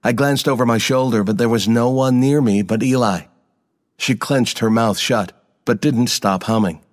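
A man giving a scripted first-person narration of a story in a measured, even manner. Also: mid-range voice, long reverb tail.

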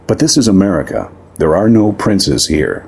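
A man with a low, husky voice playing a steady male warlock lawman who talks in plain frontier speech. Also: normal speed, full character voice. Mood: gentle.

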